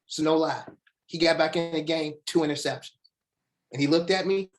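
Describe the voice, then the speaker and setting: A man giving a motivational webinar talk, animated and direct with the audience, slowing to stress single words with dramatic pauses. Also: a little high. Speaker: motivational speaker.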